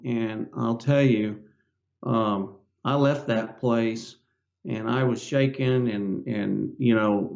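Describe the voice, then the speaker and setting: Older man with a gravelly, rambling voice. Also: medium pitch. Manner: rambling, halting, with many "you know" fillers. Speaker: podcast guest. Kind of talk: personal storytelling in a casual interview. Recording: slightly dull lo-fi audio.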